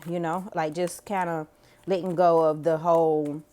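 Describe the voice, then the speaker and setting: A woman's voice: on the low side, steady tone, moderate pace, darkish tone. A woman giving a casual tarot reading to camera, chatty, slangy and freely profane. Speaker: tarot reader.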